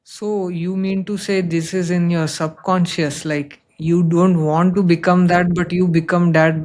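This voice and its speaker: A man's voice: high voice, level tone, a little slow, darkish tone. A man hosting a podcast, asking short questions and checking that he has understood. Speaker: podcast host.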